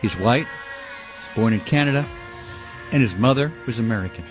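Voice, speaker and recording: A man's voice: mid-range voice, normal speed, muffled recording, soft background music. A man hosting a call-in radio talk show, arguing with callers and ranting in outrage. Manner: heated ranting, shouts in outrage.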